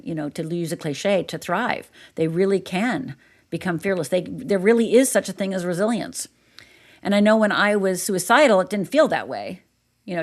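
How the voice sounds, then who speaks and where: A woman with a fairly low voice speaks as a guest on a podcast. She is a life coach and tells her stories with animation, acting out the voices of the people in them. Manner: animated storyteller, acts out voices. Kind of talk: casual interview chat.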